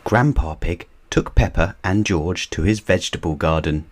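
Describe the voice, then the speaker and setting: A man reading a children's storybook aloud as narrator, in a measured, even way. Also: sits low.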